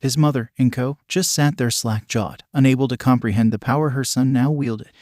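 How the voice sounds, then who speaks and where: A man narrates a fan fiction story in an even, steady way. His voice sits in a middle register, and the recording is dry and close with no room sound. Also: medium pitch, moderate pace, no echo.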